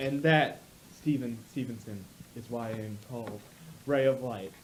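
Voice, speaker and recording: Animated man telling a comic tale. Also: moderate pace, a little hiss or hum, poor audio. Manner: animated, jumps into high voices for quotes. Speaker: storyteller. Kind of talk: improvised comic storytelling.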